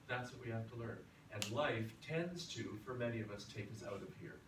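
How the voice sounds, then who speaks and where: A man teaching a singing class in a relaxed, chatty lecture style. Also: medium pitch, moderate pace. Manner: relaxed, chatty, tells anecdotes. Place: classroom or rehearsal hall. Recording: roomy, from far off, noisy.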